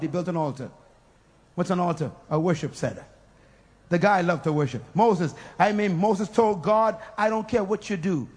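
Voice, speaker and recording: A man preaching a fiery sermon, shouting, laughing and leading call-and-response. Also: high-pitched.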